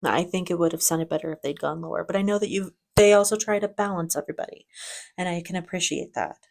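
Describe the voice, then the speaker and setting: A woman's voice: lowish voice, fast, gravelly, a little mellow. A woman hosting a reaction video, giving casual commentary in a chatty, enthusiastic way with frequent restarts.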